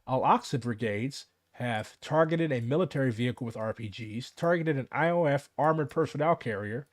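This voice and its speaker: A man's voice: medium pitch, moderate pace, no echo, clean studio sound. An American man commenting to camera in a casual rant, profane and exasperated, his voice jumping up when he gets worked up. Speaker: political commentator.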